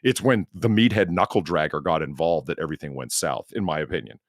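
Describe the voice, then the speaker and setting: A man co-hosting a live-stream podcast, ranting in an animated, profane way. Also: rumbling low, fast, no room sound, studio quality. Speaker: podcast co-host. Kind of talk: casual live-stream chat.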